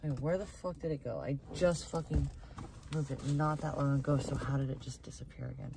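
A woman's voice: low-pitched, normal speed. A young woman live-streaming by her car, exhausted, rambling and swearing heavily as she talks to her viewers. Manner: heavy swearing, rambling and restarting. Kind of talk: casual live-stream chat. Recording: distant phone mic, loud background noise.

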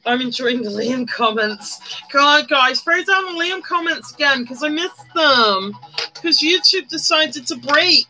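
A woman's voice: high-pitched, expressive, measured pace, bright, forceful tone, faint music behind, low-quality recording. A woman chatting casually on a makeup live stream, greeting viewers by name and bursting into little sung bits. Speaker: livestreamer doing makeup.

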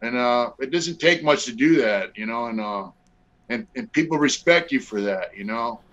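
Here a middle-aged man guests on a casual storytelling interview by video call, his manner relaxed, crude, and direct, with plenty of filler words. The voice is mid-range and expressive, a bit bright, at an ordinary speed, heard through dull lo-fi audio.

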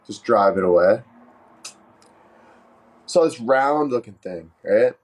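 A man casually telling a joking story on a live stream, animated and swearing freely. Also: lowish voice, slow pace.

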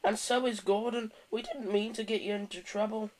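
A man voicing a vain, whiny young male steam engine in a storybook reading, with a high complaining whine. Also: steady tone, normal speed, close to an everyday voice. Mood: sheepish.

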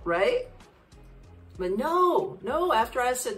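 A woman tells a story in a chatty, animated way, acting out each line of dialogue. Her pitch swings widely, and there is faint music in the background. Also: a little slow, recorded from a distance. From United States. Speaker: podcast host.

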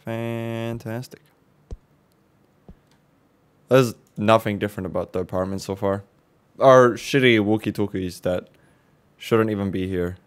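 Low-voiced man joking through a horror game. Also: fairly even intonation. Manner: jokey, swears, quick reactions. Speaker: let's play host. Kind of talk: casual gaming commentary.

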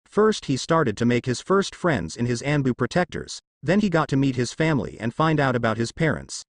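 A man reads a fan fiction story aloud at a steady storytelling pace. His pitch moves in a lively, animated way, and the recording is dry and close with no room echo. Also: fairly quick. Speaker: narrator.

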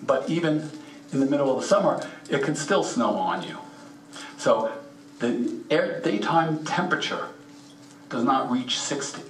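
A man's voice: medium pitch, sing-song, measured pace. A man giving a casual slide presentation at a mineral show, plainspoken and folksy, offering practical advice directly to the audience. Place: meeting room at a rock and mineral show. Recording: echoey room, speaker far from the mic.

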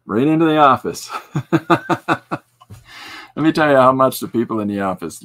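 A man in his forties hosting a podcast, telling rambling, self-deprecating stories in casual chat, with halting restarts and frequent laughs. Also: mid-range voice, fairly bright tone. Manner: halting restarts with many fillers. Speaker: podcast host and artist.

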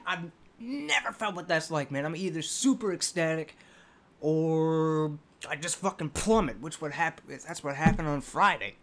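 A man's voice: a little high, normal speed, a bit bright. A man hosting a music reaction video, talking in a casual, profane, rambling and heartfelt way, emotional as he speaks.

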